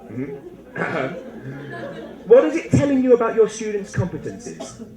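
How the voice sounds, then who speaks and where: A man giving a lively, humorous conference talk to teachers, acting out little classroom scenes as he goes. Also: sits high, a little slow. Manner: animated, humorous, acts out student and teacher voices. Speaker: conference speaker. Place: lecture hall. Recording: echoey lecture hall.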